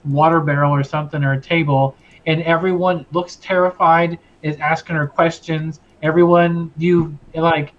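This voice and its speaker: A man's voice: fairly high pitch, level tone, moderate pace, hardly any pauses, lo-fi sound. A man narrating a tabletop game as game master, speaking casually with frequent hesitations and swearing.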